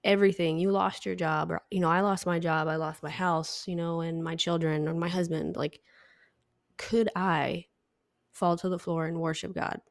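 A woman co-hosts a faith podcast in casual conversation. Her voice sits a little low, and she speaks earnestly, pressing her points. The sound is dry and close. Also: level tone, normal speed, gravelly, no echo. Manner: earnest and emphatic. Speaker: podcast co-host.

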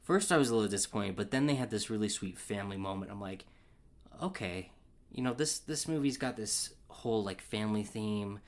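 A man co-hosting a casual film chat, excitable and rambling, with lots of fillers and restarts. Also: on the low side, quick pace, few pauses. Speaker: podcast co-host.

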